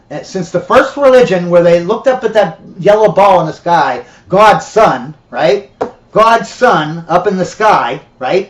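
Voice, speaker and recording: A man telling a comic sermon story in a rambling way, laughing often. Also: high-pitched. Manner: rambling, laughing, filler-heavy. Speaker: preacher. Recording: dull, roomy recording.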